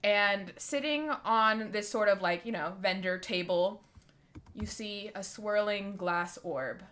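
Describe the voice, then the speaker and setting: A woman's voice: mid-range voice, slow, a bit bright, slight background noise. A woman running a tabletop game as dungeon master, narrating scenes in a rambling way full of likes and ums.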